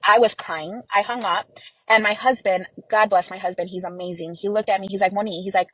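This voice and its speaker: A woman's voice: medium pitch, steady tone, brisk, fairly bright tone, dry recording, low-quality recording. Chatty woman telling a personal story. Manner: chatty, heavy on "like" and "you know", emotional. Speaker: interview guest. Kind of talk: casual personal interview.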